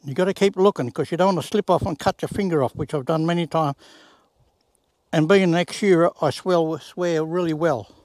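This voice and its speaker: Elderly man in his eighties, high-pitched, folksy and plain-spoken, dry close sound, outdoors in a garden. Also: brisk, darkish tone, no echo. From Australia. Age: 80s. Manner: plain-spoken, folksy, uses rural sayings. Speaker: home gardener. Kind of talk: casual demonstration.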